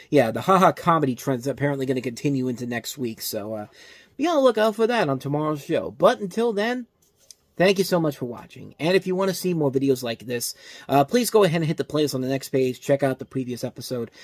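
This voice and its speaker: A man hosting a movie review show, ranting in an exasperated, animated way with frequent restarts. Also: fairly high pitch, no room sound.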